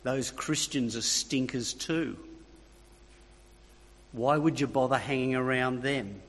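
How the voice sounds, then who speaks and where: A man voicing the sly, soothing whisper of the devil, coaxing and flattering. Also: mid-range voice, slow pace. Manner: soft, soothing, wheedling. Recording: long reverb of a hall.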